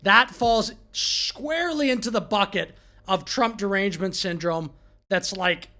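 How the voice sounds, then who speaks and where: A man's voice: high-pitched, unhurried, pushed and bright. A man hosting a political commentary show, talking over clips in a mocking, exasperated way. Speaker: commentary channel host.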